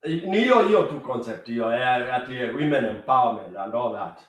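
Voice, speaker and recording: Chatty Kenyan co-host, distant echoey mic. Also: male voice, mid-range voice, expressive, moderate pace. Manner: laughs easily, loose chatty asides. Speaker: stream co-host. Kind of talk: casual chat mixing Swahili and English.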